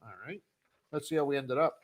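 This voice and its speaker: A man from Canada co-hosting a fishing show livestream, joking and offhand in casual chat, often trailing off quietly. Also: a little high, steady tone, fairly quick. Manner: joking, offhand, drifts quieter at the end of phrases.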